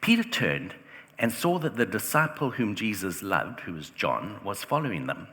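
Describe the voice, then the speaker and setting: A deep-voiced man delivers a sermon with a forceful, bright edge to his speech. He talks conversationally and leans on "like" and rhetorical questions. The sound rings with the long reverb of a church hall. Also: very animated, moderate pace. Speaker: preacher.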